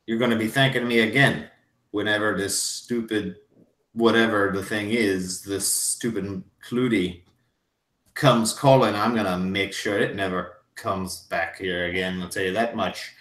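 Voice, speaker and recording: A man's voice: on the low side, fairly even intonation, measured pace. A man playing a boastful drunk old brawler. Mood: swaggering. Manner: boastful, belligerent, loud. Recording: roomy echo.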